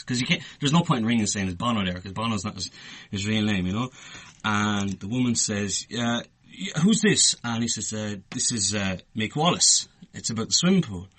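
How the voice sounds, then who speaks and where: An Irish man, co-host of a podcast, telling a story in casual chat, animated and swearing freely. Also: lowish voice. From Ireland.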